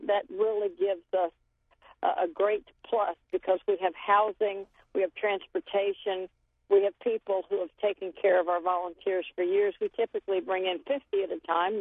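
A woman's voice: mid-range voice, fairly even intonation, moderate pace, dry recording. A woman directing a medical aid group, speaking earnestly over a phone call with frequent restarts and a voice worn from talking. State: losing her voice. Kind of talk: phone interview. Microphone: cell phone. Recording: tinny phone line.

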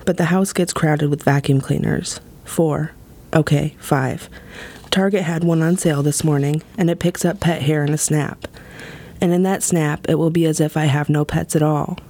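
A woman performing her own spoken-word poem in a wry, deadpan, measured way. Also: sits low. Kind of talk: spoken-word poetry reading.

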